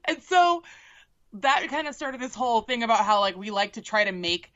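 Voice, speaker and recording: A woman co-hosting a podcast, casually telling an animated story, swearing and laughing as she goes. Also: on the high side, normal speed, highs cut off. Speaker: podcast co-host. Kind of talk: casual chat.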